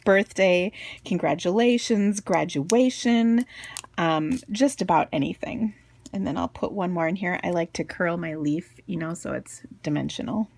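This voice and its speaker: A woman's voice: on the low side, moderate pace, vocal fry, darkish tone. A chatty woman in her forties with a Minnesotan accent, hosting a crafting tutorial from her basement home office in a bubbly, gushing way. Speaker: crafting video host.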